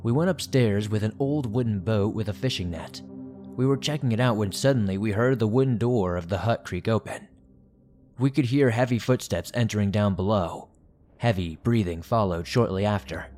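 Male horror narrator, lowish voice, steady scripted reading, faint music under. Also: moderate pace.

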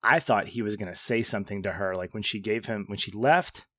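A man co-hosting a film podcast, chatting in a relaxed way and laughing between points. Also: on the low side, a little fast, dry recording. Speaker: podcast co-host. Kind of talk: casual film discussion.

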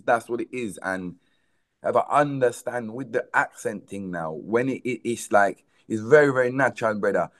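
South london guy, musician, chatting hyped in an interview, keeps saying bro and man. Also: mid-range voice. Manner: animated, repetitive, emphatic, says "bro" and "man" often. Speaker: guest, dancehall artist. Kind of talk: casual interview chat.

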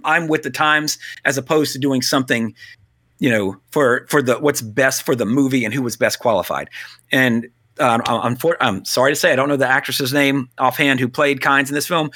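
A man co-hosting a casual film talk, blunt and animated, swearing now and then. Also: medium pitch. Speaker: podcast co-host.

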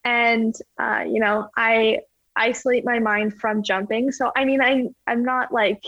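A woman's voice: fairly high pitch, fairly even intonation, measured pace, no room sound. A woman athlete answering interview questions in a chatty, casual way, full of fillers. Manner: chatty, full of "like" and "you know". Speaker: ski jumper guest. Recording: slightly dull lo-fi sound.

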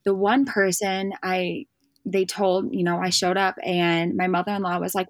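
A woman's voice: on the low side, normal speed, dry recording. A young woman, a guest on a podcast, chatting casually and animatedly acting out the dialogue in her stories. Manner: lively storyteller acting out quoted dialogue. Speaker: podcast guest, bird dog handler and hunting guide. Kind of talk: casual chat.

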